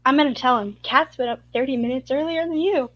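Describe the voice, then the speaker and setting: Woman hosting a stream, chatty, reads out viewer names, bit high voice, muffled lo-fi sound. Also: quick pace. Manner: chatty, greets viewers, jumps between topics. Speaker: livestream host. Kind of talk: casual livestream chat.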